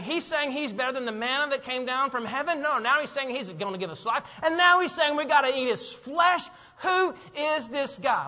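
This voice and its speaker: A male pastor preaching in a church, with a high, bright, ringing voice. He is animated, acting out the people in the story and tossing questions back to the congregation. The sound carries a long hall reverb and is slightly dull and lo-fi. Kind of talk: sermon. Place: church sanctuary.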